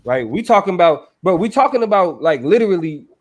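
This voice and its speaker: A man's voice: high-pitched, sing-song, fairly quick. A man co-hosting a casual podcast chat. He speaks emphatically, swears freely, and restarts his sentences often. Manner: emphatic, profane, many restarts. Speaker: podcast co-host.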